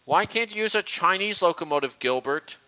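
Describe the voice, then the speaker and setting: A man hosting a casual live stream with a bright, ringing voice that leaps around a lot in pitch. He talks excitably and haltingly, restarting his sentences often, over dull lo-fi stream audio. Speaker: stream host.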